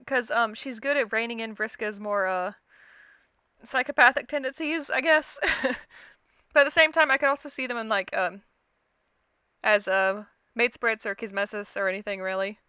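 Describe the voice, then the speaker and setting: A woman's voice: on the high side, steady tone, normal speed, sharp tone, clear, resonant tone, no echo. A woman hosting a let's-play, reading a visual novel aloud with casual, chatty commentary and laughing at the script.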